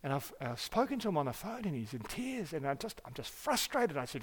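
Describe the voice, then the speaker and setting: Emphatic New pastor in a reverberant hall. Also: male voice, on the high side, big pitch swings, brisk, few pauses, breathy edge. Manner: earnest, emphatic, with repeated restarts and swings from loud to quiet. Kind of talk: sermon.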